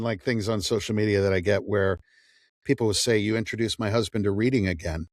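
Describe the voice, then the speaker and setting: A middle-aged man with a lowish voice talks a little fast, recorded dry and clean in a studio. He's an audiobook narrator chatting casually in an interview, spinning stories with animation and acting out the quoted dialogue.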